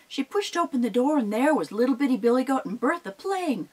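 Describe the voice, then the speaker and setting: A woman telling a folk tale aloud in an animated, expressive way, with sound effects. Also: high-pitched, fairly quick, breathy edge, low-quality recording. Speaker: storyteller. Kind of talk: oral storytelling performance.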